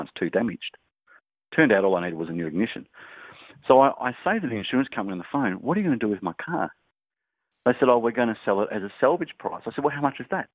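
A man, a grief researcher and guest, telling anecdotes in an animated, casual way. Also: on the low side, husky, no echo. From Australia. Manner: animated storyteller, laughing through anecdotes. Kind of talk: casual storytelling chat. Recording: dry, tinny phone-like line.

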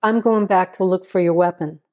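A woman doing a deadpan, teasing deputy. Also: on the low side, moderate pace, lightly acted. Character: joking male deputy, dry teasing humor. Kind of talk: audiobook reading.

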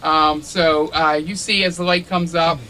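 A man's voice: a little high, flat delivery, measured pace, a crowd in the background, poor audio. A man narrating a tabletop role-playing game as game master, describing scenes with frequent ums and uhs. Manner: descriptive, filler-heavy with many ums.

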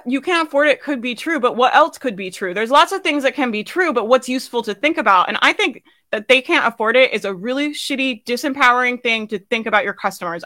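A woman business coach giving a casual, emphatic live coaching talk. She swears, laughs often and acts out quoted thoughts in a higher voice. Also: pushed and bright, no echo, clean studio sound.

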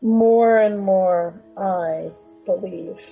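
A woman's voice: mid-range voice, very slow, creaky, dark tone, husky, lo-fi sound, faint music behind. A woman in her forties hosting a radio talk show, chatty and earnest, laughing often.

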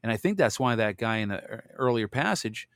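A man hosting a show where he reads Bible verses aloud and stops for relaxed personal asides. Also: mid-range voice, a little fast, clean tone, dry recording, clean studio sound. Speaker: host reading and commenting on scripture. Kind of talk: Bible reading with casual commentary.

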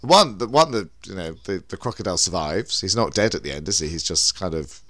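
A man's voice: deep voice, animated, fairly quick, a bit bright, no room sound, clean studio sound. A man co-hosting a podcast, telling stories in a chatty, rambling way with many restarts. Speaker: podcast co-host. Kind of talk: casual chat.

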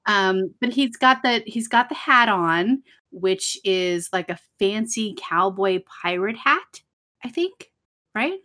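Young woman, podcast co-host, mid-pitched, wry and sarcastic, laughs a lot. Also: animated, slow, bright, forceful tone. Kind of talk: casual chat recapping an episode.

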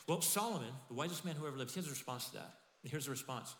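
Middle-aged male pastor, bright forceful delivery, animated sermon, echoey church hall. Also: on the high side, very fast. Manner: animated, acts out quoted voices.

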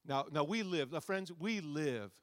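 A man, a pastor, preaching a sermon to his congregation, with a repetitive, rousing cadence that swings between loud soaring lines and quiet asides. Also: a little high, expressive, measured pace, dry recording, clean studio sound. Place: church sanctuary before a congregation.

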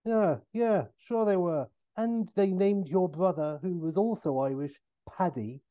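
A man's voice: high-pitched, measured pace, mellow, no room sound, pitched above the performer's own voice. A man doing a smug, cheeky British spy. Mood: teasing. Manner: camp, smug, teasing. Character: cheeky, flirtatious, vain British male spy. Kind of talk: comic improvised voice in a pitch.

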